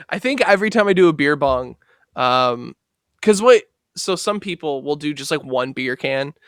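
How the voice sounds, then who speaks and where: A man's voice: on the high side, expressive, measured pace, no room sound, clean studio sound. A man in his twenties, co-hosting a podcast, telling a rambling story with lots of swearing and fillers. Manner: rambling storyteller, swears a lot, acts out quotes loudly. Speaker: podcast co-host. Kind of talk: casual chat.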